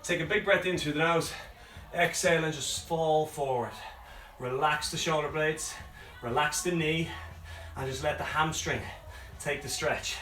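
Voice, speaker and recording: Winded, a man leads a home workout live, counting down reps and offering encouraging cues. He talks at a measured pace in a fairly high, sharp voice, recorded roomily from a distant mic with faint music in the background.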